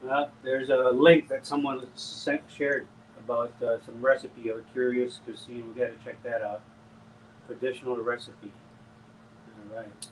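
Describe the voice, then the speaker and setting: A man's voice: medium pitch, little pitch movement, a little slow, slight background noise, low-quality recording. A man with a Chicago accent co-hosting a casual live chat, laid-back and reading viewer comments aloud. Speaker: co-host of a live chat stream.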